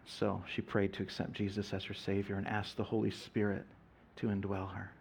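A man's voice: lowish voice, moderate pace, gravelly, a little hiss or hum. A man preaching, telling a mission story and acting out the voices of the people in it. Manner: animated storyteller, acts out quoted voices. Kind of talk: sermon storytelling.

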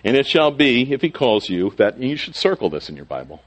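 Lively-voiced male pastor teaching scripture. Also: mid-range voice, fairly quick. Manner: conversational Bible teaching, acts out quoted lines in a raised voice. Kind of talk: sermon.

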